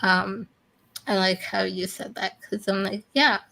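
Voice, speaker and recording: Slow, flat-voiced woman host. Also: mid-range voice, gravelly, rough recording. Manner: rambling, many fillers. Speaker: interview host. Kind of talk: casual interview talk.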